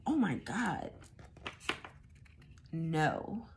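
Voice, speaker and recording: A woman giving a casual tarot reading, thinking out loud as she goes. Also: lowish voice, expressive, takes it slowly, pauses often, slight background noise. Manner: musing aloud, thinking out loud. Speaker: tarot reader.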